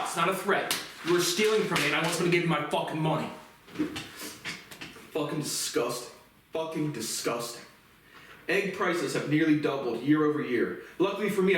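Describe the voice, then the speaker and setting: A man's voice: fairly high pitch, a little fast, fairly bright tone, a little hiss or hum. A man in a bitter, profane monologue rant, repeating himself as he goes. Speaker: vlogger. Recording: very echoey room, distant mic.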